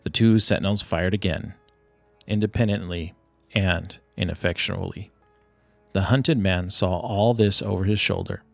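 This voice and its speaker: A man narrating a classic short story as an audiobook, reading in a steady, measured way. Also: gravelly, no echo. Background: low ambient music.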